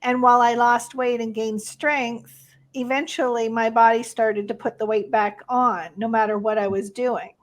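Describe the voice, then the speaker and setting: A woman's voice: fairly high pitch, fairly even intonation, normal speed. A woman hosting a conversational interview podcast, speaking candidly and expressively as she shares her experience and asks questions. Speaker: podcast host.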